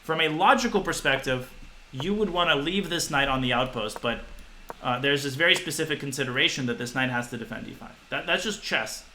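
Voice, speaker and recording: A man in his twenties giving a live-streamed chess lesson, talking fast to his viewers and thinking aloud. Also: mid-range voice, animated, pushed and bright, a little hiss or hum, low-quality recording. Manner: quick, talks to chat, thinks aloud with restarts.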